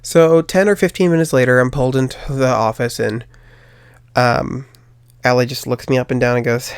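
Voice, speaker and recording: A man's voice: medium pitch, steady tone, moderate pace, smooth, dry recording, clean studio sound. A young man hosting a podcast, telling a personal story in a casual, rambling way with lots of ums, acting out what others said. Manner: rambling, many ums, quotes others in dialogue. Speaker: podcast host.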